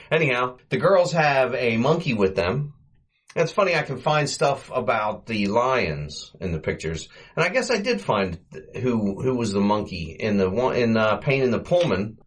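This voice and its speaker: A man hosting a podcast, casually retelling an old comedy short, chuckling often and giving quoted lines a quick comic voice. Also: mid-range voice, sing-song, husky. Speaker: podcast host.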